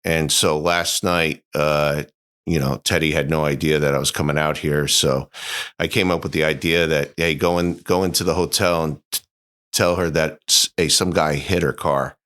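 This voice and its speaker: A man with an extremely deep, low voice, chatting as a podcast guest. He talks haltingly, stopping and restarting his sentences with plenty of fillers. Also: steady tone, fairly bright tone. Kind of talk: casual chat.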